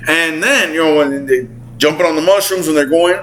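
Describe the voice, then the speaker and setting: Casual male gaming commentator in his forties, excitable and slangy, with lots of pitch movement. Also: fairly quick, a little hiss or hum, low-quality recording. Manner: excitable, slangy, swears, acts out character voices. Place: at home. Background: clothes dryer running.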